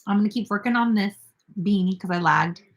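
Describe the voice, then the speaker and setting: A woman's voice: medium pitch, a little fast, a little hiss or hum. A young woman in casual chat as the host of a crochet livestream, reading viewer comments aloud and answering them.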